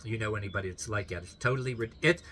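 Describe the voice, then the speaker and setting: A man's voice: fairly low pitch, very fast, a bit bright, slightly rough. A man telling a long story in a rambling, casual way, full of restarts and fillers, often holding back a laugh.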